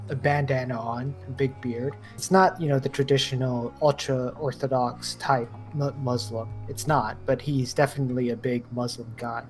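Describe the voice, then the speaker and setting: A man playing in a tabletop game, describing his character in a relaxed, rambling way. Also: mid-range voice. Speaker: player.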